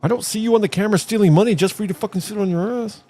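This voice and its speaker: Man, middle-aged, gaming streamer, rambling profane chatter, fairly high voice. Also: rapid-fire. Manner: profane, rambling, animated storytelling. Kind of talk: casual live gameplay commentary.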